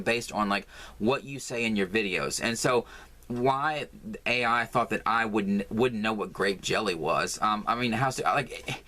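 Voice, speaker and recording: This American man, a crafting vlogger with a medium-pitched, sharp voice, narrates a casual crafting video from home. Exasperated in tone, he rambles along, packing his speech with fillers.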